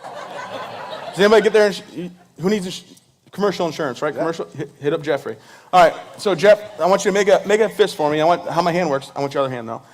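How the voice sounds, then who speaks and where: A fast-talking man in his thirties, with a voice pitched a little high, entertains a live audience with a joking speech. He playfully performs the voices of the people he quotes.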